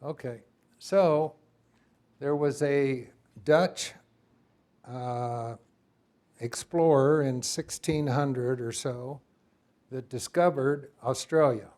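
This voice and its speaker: Lively man lecturing a class. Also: mid-range voice, very slow, long pauses. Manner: lively, talks to the class and asks for input. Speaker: instructor.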